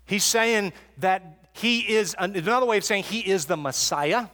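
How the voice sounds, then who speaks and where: Male preacher, high voice, earnest expository sermon, long hall reverb, stumbles and repeats words. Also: a little slow, bright, forceful tone.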